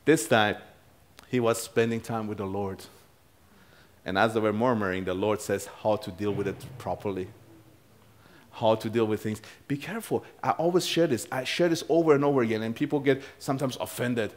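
A man preaching a sermon as pastor, swinging between loud, raised passages and quiet, low asides, chuckling now and then. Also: normal speed.

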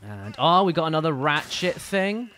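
A man's voice: on the high side, sing-song, moderate pace, a bit bright, a little hiss or hum. A man giving casual, playful, teasing commentary while streaming a video game.

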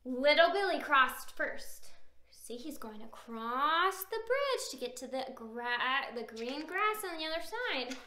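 A woman reading a picture book aloud to children, animated, gasping and asking the listener questions. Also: high-pitched, takes it slowly. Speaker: storybook reader. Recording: roomy echo.

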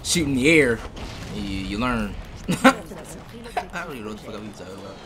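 Excitable, swearing male gameplay streamer. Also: lowish voice, brisk, a crowd in the background. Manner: excitable, swears a lot, makes gun-sound noises. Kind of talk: casual live gameplay commentary. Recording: game noise under the voice. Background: loud game sound effects.

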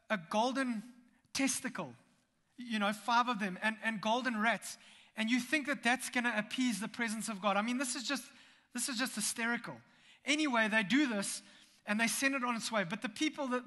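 A man preaching a sermon in a church, telling the story in a lively way with humorous asides. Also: very high voice. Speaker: pastor. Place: church sanctuary. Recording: long church hall reverb.

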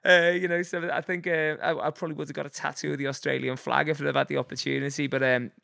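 A man's voice: on the high side, level tone, quick pace, vocal fry, a bit bright, no room sound, clean studio sound. A man in his forties with a Liverpool accent, telling rambling anecdotes as a guest, full of fillers and chuckles. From Liverpool, England. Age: 40s. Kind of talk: casual storytelling.

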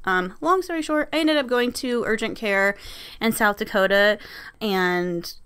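A woman's voice: medium pitch, unhurried, a bit bright, clear, resonant tone. A woman vlogger casually telling a story about her vacation, candid and laughing, swearing freely.

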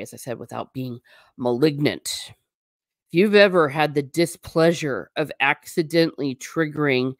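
A woman's voice: low voice, dry recording, studio quality. A woman hosting a casual livestream, talking through a topic and answering viewer comments, sometimes slipping into a stern teacher tone. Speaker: livestream host.

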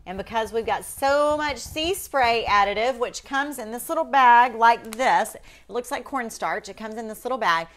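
A woman's voice: on the high side, normal speed, hardly any pauses, fairly bright tone. A woman hosting a casual live painting demonstration, chatting folksily with viewers.

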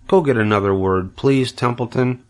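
An older man voicing a patient, kindly female spider who gives brisk, coaxing instructions in a storybook reading. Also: mid-range voice, lightly acted. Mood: patient, firm.

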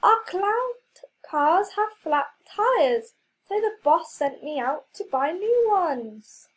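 A woman's voice: very animated, slow pace, heavily acted. A woman voicing an indignant grown man dressed as a clown in a storybook reading. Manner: shrill indignant outburst.

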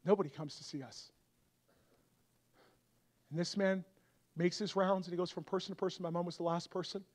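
A young adult man preaching a revival sermon, moving from quiet storytelling to loud, impassioned appeals. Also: fairly even intonation, a little fast. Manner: builds from soft storytelling to loud, high-pitched fervor.

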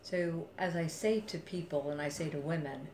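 A woman with a low voice tells a story in an interview, acting out the dialogue and building to forceful emphasis. The recording is roomy and echoey, with faint background noise. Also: moderate pace. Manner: animated, quotes others in dialogue, rises to forceful emphasis. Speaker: venture investor telling a story.

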